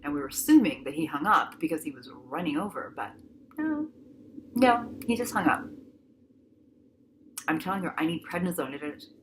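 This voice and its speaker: A woman vividly recounting a frightening hospital experience, emotional and animated, acting out the people involved. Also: sits low, moderate pace, pauses often, noisy background. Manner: emotional, animated, acts out voices. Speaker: patient telling her story. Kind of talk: dramatic personal storytelling.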